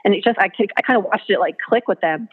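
Speaking fast in a mid-range, slightly rough voice, a woman who is a mother and blogger tells parenting anecdotes in a casual interview. The phone-line audio sounds tinny; she's earnest, chatty, and acts out what her kids said.

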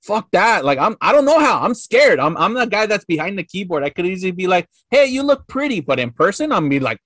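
A man in his thirties tells a story as a podcast guest, rambling and swearing freely, with "like" in nearly every sentence. His voice sits a bit high for a man, and the recording is dry and close with no room sound. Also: expressive, fast, fairly bright tone, dry recording. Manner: rambling, profane, full of "like" fillers. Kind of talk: casual storytelling.

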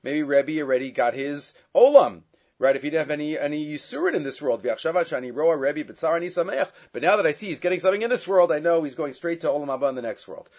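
A man teaching a Torah lesson, reading Hebrew and Aramaic texts and translating them, with many fillers and lively stretches when he retells a story. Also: fairly high pitch, fast talker. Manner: grows loud and animated when retelling the story. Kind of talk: Torah class lecture. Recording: dull lo-fi sound.

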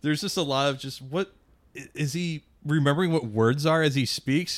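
A man's voice: on the high side, normal speed, no room sound. Wry rambling podcast guy, dry mic. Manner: wry, rambling with many fillers. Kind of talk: casual comedy podcast chat.

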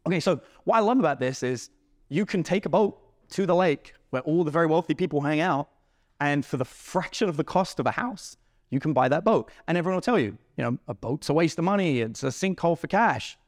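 A man hosting a business podcast, telling stories with lively acted-out dialogue. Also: on the high side, fairly quick, no echo, clean studio sound. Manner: animated, acts out dialogue in his stories. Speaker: podcast host. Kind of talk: storytelling interview chat.

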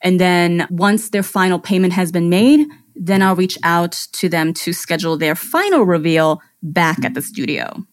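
A woman's voice: on the low side, moderate pace. A woman photographer, a podcast guest, describing her client process step by step with enthusiasm. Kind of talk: conversational interview.

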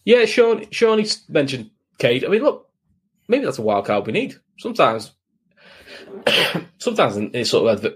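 A man's voice: a little high, big pitch swings, unhurried, husky. A man, co-hosting a football podcast in casual, blunt, opinionated chat. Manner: blunt, opinionated, talks in long runs with restarts. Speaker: podcast co-host.

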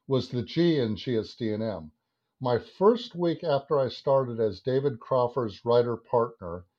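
A man in his fifties tells a long, animated anecdote as a podcast guest, acting out his own thoughts and swearing freely. His voice sits in a middle pitch, and the recording sounds dull and lo-fi. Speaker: guest, advertising creative director. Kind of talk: anecdotal storytelling in a podcast interview.

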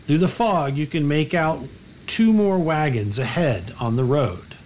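A man's voice: a little high, expressive, a little slow, a little mellow, slight background noise. Rambling man narrating a tabletop game. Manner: loose, rambling narration full of uh and like. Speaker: game master.

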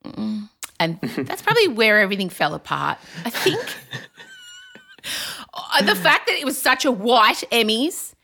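Candid, self-deprecating woman co-host, bright voice, animated chat. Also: fairly high pitch, measured pace, creaky. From Australia. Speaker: podcast host. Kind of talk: casual chat.

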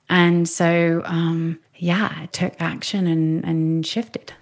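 A woman from the UK with a slightly low voice, chatting as a podcast guest. She tells her stories with animation and slips into the voices of the people she quotes. Her talk is casual and flowing. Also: flat delivery, slow pace. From United Kingdom. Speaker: psychic medium guest.

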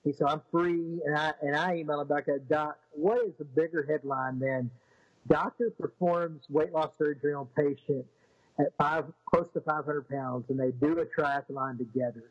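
A fairly high, husky male voice tells a story in a casual, rambling way, often restarting his sentences. When he quotes others he gets animated. The sound is dry and a little dull, as if recorded on a lo-fi setup. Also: moderate pace, dry recording. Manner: rambling, with frequent restarts and fillers. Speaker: interview guest.

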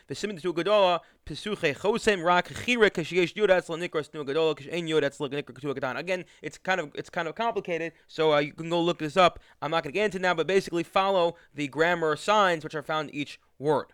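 A man's voice: fairly high pitch, fast talker, a bit bright, clear, resonant tone, dry recording, clean studio sound. A man teaching a religious text, reading lines aloud and then explaining them in an easygoing way with frequent restarts. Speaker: Torah teacher. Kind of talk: text study lesson.

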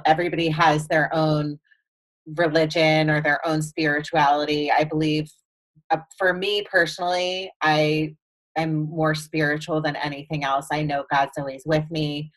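A woman hosts a relaxed interview with a notably low voice. She is enthusiastic and affirming toward her guest, often telling him how much she loves what he shares. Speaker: interview host. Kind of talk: casual interview conversation.

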